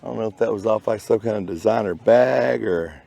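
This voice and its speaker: Folksy Texan man, gravelly and mellow. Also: fairly low pitch, fairly quick, slight background noise. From Texas. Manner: folksy, jokey, playful made-up words. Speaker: metal detecting channel host. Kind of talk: casual narration while detecting. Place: outdoors in a park.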